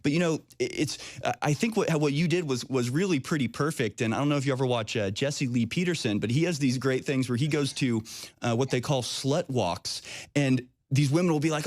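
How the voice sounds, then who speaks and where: A man hosts an interview, speaking in a slightly raised register. He gets animated and slips into mock voices when he retells what others said. The sound is close and dry, with no room in it. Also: a little fast, no echo. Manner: animated, mimics people in high voices. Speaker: show host. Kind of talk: casual interview chat.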